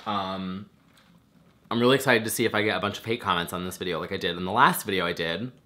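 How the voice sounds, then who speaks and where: Male vlogger, lowish bright voice, loose and chatty, swears freely. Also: quick pace. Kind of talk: casual reaction rant.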